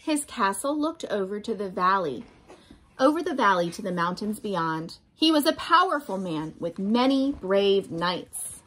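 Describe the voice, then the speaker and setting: A woman reading a children's picture book aloud as a teacher, slow and expressive, pausing to ask her listeners questions. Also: medium pitch, husky.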